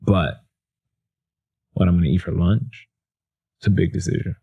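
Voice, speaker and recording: A man's voice: low-pitched, fairly even intonation, normal speed, creaky, warm tone, breathy edge, lo-fi sound. A man, a motivational speaker, telling stories in a casual, self-deprecating way with lots of fillers and restarts. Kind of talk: casual storytelling.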